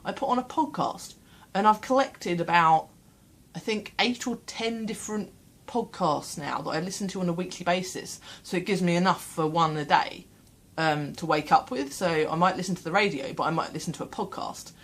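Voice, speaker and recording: A woman talking casually to her camera in a small room at home. Her voice sits low and has a husky, breathy grain. She rambles and pokes fun at herself as she goes. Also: normal speed. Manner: chatty, rambling, self-deprecating with laughs. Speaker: vlogger. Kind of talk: casual vlog chat.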